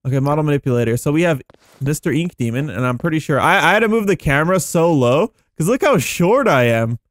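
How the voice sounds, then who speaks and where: Excitable man chatting over gameplay. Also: fairly high pitch, quick pace, dry recording. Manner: excitable, chatty, thinking aloud. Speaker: gaming YouTuber. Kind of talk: casual gameplay commentary.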